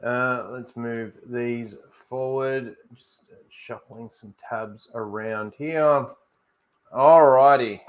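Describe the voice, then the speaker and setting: Slow-talking man hosting a livestream. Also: medium pitch. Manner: relaxed, rambling, talks to viewers while setting up. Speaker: livestream host. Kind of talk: casual livestream chat.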